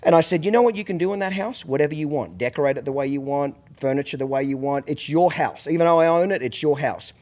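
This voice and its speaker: A man's voice: on the high side, fast, few pauses, a little mellow. A middle-aged man hosting a podcast, telling blunt, profane stories in casual chat. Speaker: podcast host.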